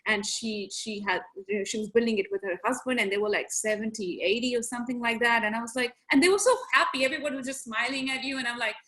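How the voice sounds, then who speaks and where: A young adult woman, a podcast guest, telling stories in a casual, animated way and laughing often. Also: on the high side, quick pace, hardly any pauses. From grew up in several countries. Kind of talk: casual storytelling chat.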